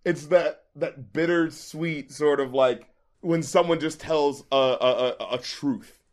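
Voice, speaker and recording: A man with a slightly high voice hosts a casual podcast about rap records. He talks in an animated way, swearing freely and slipping into quick voices to act out lyrics. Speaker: podcast host and rap critic.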